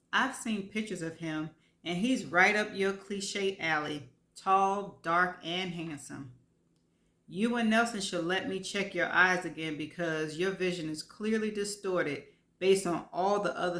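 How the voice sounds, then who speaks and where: A woman's voice: on the low side, fairly bright tone. A woman voicing a sassy, bossy middle-aged female best friend who teases and scolds bluntly. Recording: roomy echo.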